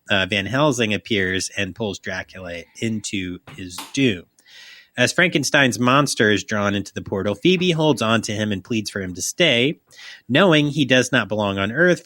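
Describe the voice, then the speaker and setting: A man's voice: fairly low pitch, pushed and bright, dry recording, studio quality. A young man co-hosting a podcast, chatting loosely and profanely, joking and reading a plot summary aloud. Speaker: podcast co-host.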